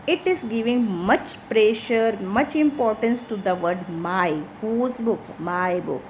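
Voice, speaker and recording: A woman's voice: on the high side, slow pace, a little hiss or hum, low-quality recording. A woman teacher, explaining grammar to schoolchildren in an online class, repeating each example sentence. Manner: addresses pupils directly as children.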